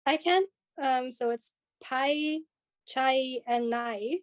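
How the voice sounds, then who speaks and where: A woman's voice: high-pitched, fairly even intonation, slow, dry recording. A woman student in an online class, answering and asking questions hesitantly. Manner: hesitant, tentative.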